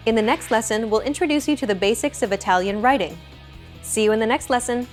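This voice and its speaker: A woman hosting a language lesson, reading a script in a clear, even, instructive way. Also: fairly high pitch, fast, soft background music.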